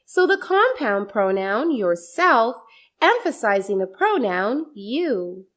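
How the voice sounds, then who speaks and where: With a somewhat high, slightly bright voice and big swings in pitch, a woman works through a scripted grammar lesson. She explains each point slowly and deliberately, repeating example sentences often.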